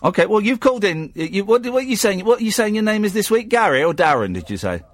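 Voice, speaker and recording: A man's voice: high voice, big pitch swings, fast talker, no room sound, studio quality. A man with an English accent hosting a late-night radio phone-in, rambling and teasing with lots of stammered restarts. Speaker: radio host. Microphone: studio microphone.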